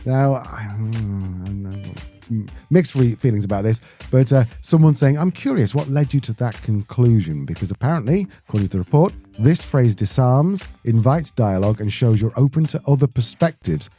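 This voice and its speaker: A man's voice: medium pitch, animated, moderate pace, mellow, faint music behind. A man co-hosting a podcast in a chatty, joking way, often breaking off and restarting his sentences. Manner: chatty, jokey, self-interrupting. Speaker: podcast co-host. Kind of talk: casual podcast chat.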